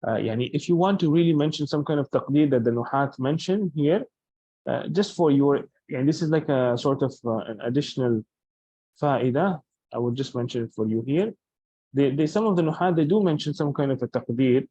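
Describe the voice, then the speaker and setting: A man's voice: medium pitch, brisk, mellow, no echo, muffled recording. A man teaching Arabic grammar in a lecture, explaining patiently and restating each point with examples.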